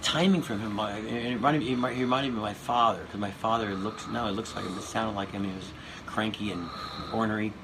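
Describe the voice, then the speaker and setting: Casting: man in his 50s, comedian guest, fast-talking, loose and profane, noisy recording. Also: lowish voice. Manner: animated, profane storytelling with many restarts. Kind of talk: casual interview chat.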